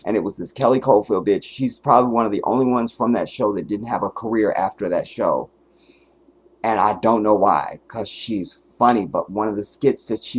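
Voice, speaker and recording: Man, livestream host, casual chat, cursing, laughing through stories, average pitch. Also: brisk, husky. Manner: animated, profane storytelling, laughing often; preachy, emphatic declarations.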